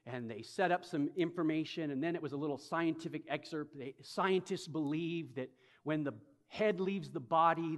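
A man preaching a sermon as pastor, telling stories dramatically with slow, emphatic phrases. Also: a little high, a bit bright. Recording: long reverb of a large hall.

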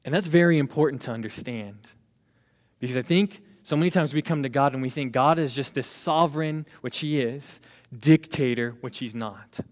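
A young man preaching to a youth group, animated and quick to laugh as he acts out little scenes. His voice sits at an ordinary male pitch and carries a long reverb from a big hall. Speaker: youth pastor. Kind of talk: sermon.

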